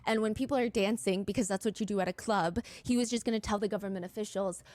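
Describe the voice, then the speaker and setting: A woman narrating a true-crime story in a brisk podcast style, quoting text messages as she goes. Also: medium pitch, darkish tone.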